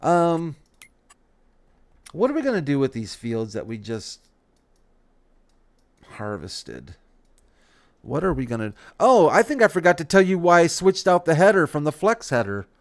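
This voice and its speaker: With big pitch swings and long pauses, a gaming channel host talks casually about his farming game at a moderate pace, rambling and self-correcting. His voice is mid-range, he hiccups slightly, and the recording has no echo.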